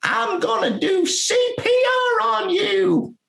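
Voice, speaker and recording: A frantic older wife calls out for help in a shrill falsetto that climbs to a shout, as a man puts her on, her voice thin and pitched far above his own. The sound carries a roomy echo. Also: sing-song, slow pace, creaky, heavily acted. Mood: alarmed. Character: panicked older wife on a 911 call.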